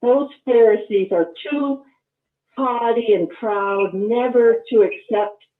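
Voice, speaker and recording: A woman's voice: fairly high pitch, takes it slowly. Older female caller, earnest storyteller, tinny echoey phone line. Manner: earnest, recalls the past with many ums. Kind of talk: call-in show chat.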